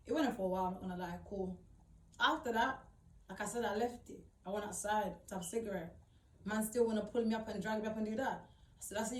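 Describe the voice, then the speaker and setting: A woman's voice: mid-range voice, fast, darkish tone. A young woman, telling a personal story in a casual, emphatic way, swearing freely and repeating herself for effect. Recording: echoey room, distant mic.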